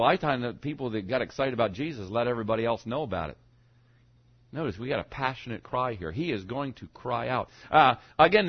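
A man preaching a sermon to his congregation, swinging from loud to hushed as he goes. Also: fairly high pitch, slightly rough. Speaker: pastor. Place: church sanctuary. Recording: dull lo-fi sound.

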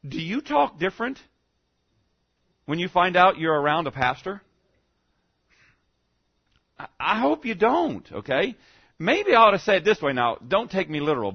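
In a muffled recording from a church service, a man with a fairly high, breathy-edged voice preaches a rambling, conversational sermon. He is a pastor who fills his talk with rhetorical questions and keeps checking in with the congregation by asking "okay?"

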